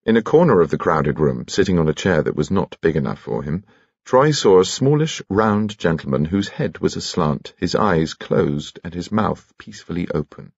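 Deep, husky male audiobook narrator. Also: animated, moderate pace, no room sound, lo-fi sound. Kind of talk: scripted narration.

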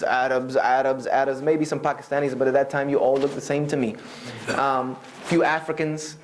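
A man in his thirties tells a humorous personal story to an audience, animated and acting out the people he quotes. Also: on the high side, slight background noise. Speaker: Islamic speaker telling his conversion story.

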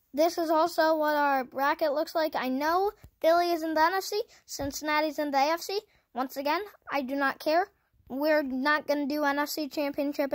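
A woman giving casual, self-mocking commentary over her own football video game, cheering in excited bursts. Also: high-pitched, dry recording. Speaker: gaming channel host.

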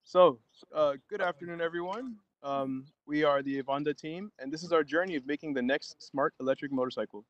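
A man's voice: on the high side, fairly quick, few pauses, no room sound. A young man presenting a student project on a video call from outdoors, speaking hesitantly with many fillers. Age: young adult. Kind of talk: online class presentation. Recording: muffled lo-fi call audio.

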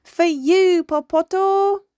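A woman voicing a boastful, bossy young boy dolphin who talks loudly and shows off. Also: mid-range voice, sing-song, takes it slowly, no echo, clean studio sound. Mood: excited.

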